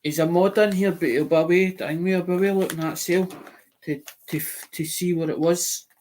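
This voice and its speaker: Scottish man rambling on his channel, bit higher voice, lots of restarts. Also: steady tone, normal speed, darkish tone, a little hiss or hum. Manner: digressive, repeats himself, restarts a lot. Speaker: online auction channel host. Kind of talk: rambling casual chat.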